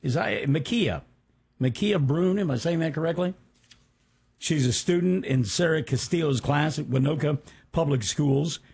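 A man's voice: a little high, normal speed, gravelly, darkish tone, husky. A man co-hosting a local radio show, chatting about community news with enthusiastic asides. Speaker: radio co-host.

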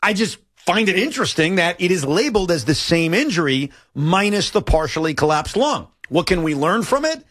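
Animated sports talk host, dry studio sound. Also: male voice, high-pitched, a little fast, few pauses, slightly rough, dry recording. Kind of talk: sports talk radio chat.

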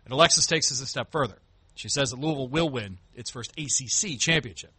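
Fast-talking, bright-voiced sports radio host, lively and emphatic, dry studio sound. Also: male voice, mid-range voice, slightly rough, no room sound. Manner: animated, emphatic. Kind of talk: sports talk banter.

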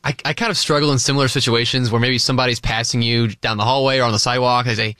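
A man co-hosting a talk show, musing in a relaxed, casual way. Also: medium pitch, rapid-fire, clean tone, no echo. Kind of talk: casual chat.

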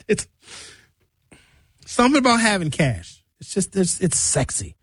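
A man with a fairly bright, slightly rough voice hosts a radio show in studio quality with no room sound. Telling comic tales loosely, he jokes around and lets his pitch swing wide.

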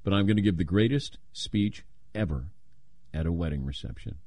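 A man's voice: low voice, a little fast, no room sound. An older man hosting a talk radio show, chatting casually and telling stories with playful quoted voices. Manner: animated storytelling, playful voices when quoting.

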